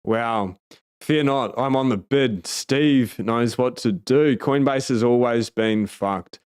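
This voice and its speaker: Man, Australian accent, casual livestream host, blunt, profane, emphatic, smooth clear voice. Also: medium pitch, slow pace, darkish tone. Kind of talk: casual livestream chat, reading viewer comments.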